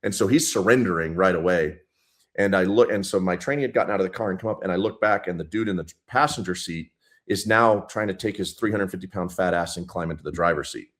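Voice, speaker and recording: Blunt, profane man with a very deep voice. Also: quick pace, fairly bright tone. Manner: blunt, profane, intense retelling. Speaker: police sergeant guest. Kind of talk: casual storytelling interview.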